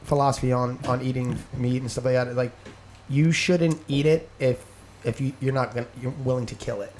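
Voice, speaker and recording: A man's voice: mid-range voice, steady tone, brisk, darkish tone. Easygoing podcast co-host, a man. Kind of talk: casual chat.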